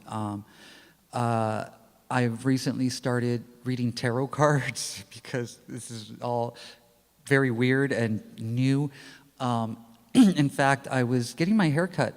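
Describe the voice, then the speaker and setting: A man's voice: mid-range voice, darkish tone, long reverb tail. A middle-aged man telling a candid personal story, rambling, with many fillers and small laughs. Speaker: interviewee sharing a personal experience.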